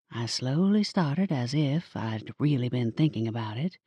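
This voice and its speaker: A woman narrating a first-person audiobook in a measured, expressive way, with playful wry asides. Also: very deep voice, husky, dry recording, muffled recording.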